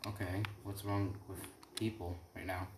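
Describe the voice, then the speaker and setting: A man's voice: deep voice, little pitch movement, moderate pace, very noisy, natural voice. A man voicing an earnest young male hero who speaks plainly and protectively, with small restarts. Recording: echoey room, faint typing.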